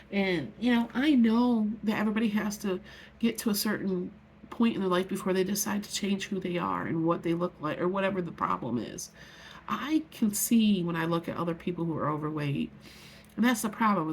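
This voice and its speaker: A woman's voice: mid-range voice, a little hiss or hum. A middle-aged woman telling a personal story in an earnest, heartfelt, rambling way, often restarting her sentences. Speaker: vlogger. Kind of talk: emotional personal vlog.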